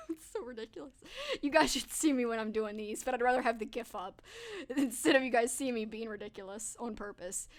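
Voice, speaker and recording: A young adult woman chatting casually to her live stream viewers, animated and quick to laugh, sometimes slipping into silly movie-quote voices. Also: on the high side.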